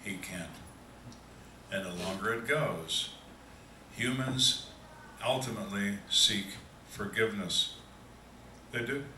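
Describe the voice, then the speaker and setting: A man's voice: fairly low pitch, sharp tone, a little hiss or hum. An older man, a retired detective, speaking plainly to an audience at a question-and-answer session. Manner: dry, plainspoken storyteller acting out quoted voices. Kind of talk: storytelling Q&A talk. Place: large hall on a cruise ship. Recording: echoey hall from far off.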